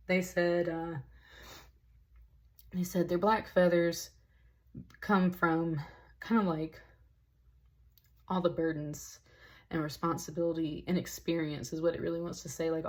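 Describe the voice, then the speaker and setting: A woman giving a casual, rambling tarot reading, emotional and a little tearful, full of "like" and "y'all". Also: fairly low pitch. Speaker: tarot reader.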